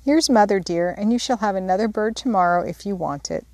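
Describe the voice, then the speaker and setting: A woman reading a wise, gentle mother of four girls, calm and earnest as she gives advice. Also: medium pitch, a little fast, no echo, close to an everyday voice.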